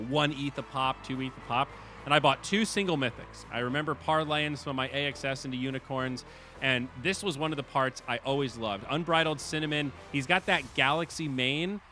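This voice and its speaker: A man hosting a game stream, chatting casually and excitably, swearing and laughing at his losses. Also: mid-range voice, a little hiss or hum. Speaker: stream host and commentator.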